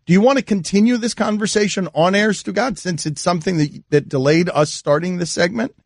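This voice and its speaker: A man hosting a sports radio talk show, telling stories quickly and animatedly, laughing as he goes. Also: sits high, creaky, no room sound, studio quality. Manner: fast, animated storytelling with laughter. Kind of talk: casual sports radio banter. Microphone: studio microphone.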